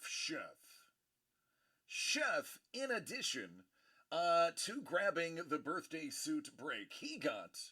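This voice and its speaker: A man hosting a livestream, giving excitable, playful commentary as he opens trading card packs into a streaming mic. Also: on the high side, no echo, studio quality. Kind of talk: live card-break commentary.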